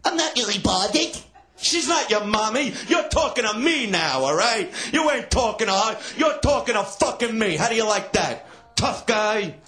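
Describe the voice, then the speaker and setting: A male stand-up comedian doing crowd work, taunting and insulting people in the audience with crude jokes, shouting and laughing at times. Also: high voice, lively intonation, normal speed, soft background music.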